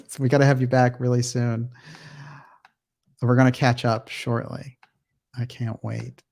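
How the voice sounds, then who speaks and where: A man's voice: mid-range voice, vocal fry, a little mellow. A man hosting a livestream, upbeat as he reads out viewer names and comments and answers questions in casual chat. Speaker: livestream host.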